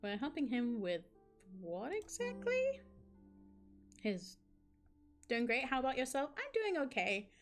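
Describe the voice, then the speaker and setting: Casual female streamer, chatty, frequent asides to chat, slightly high pitch. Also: big pitch swings, moderate pace, faint music behind. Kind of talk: live game stream, reading story aloud and chatting.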